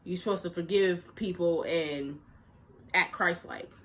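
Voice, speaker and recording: A young woman vlogger telling a story in a lively, animated way, acting out quotes and laughing often. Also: fairly low pitch, measured pace, slight background noise. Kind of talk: storytime vlog.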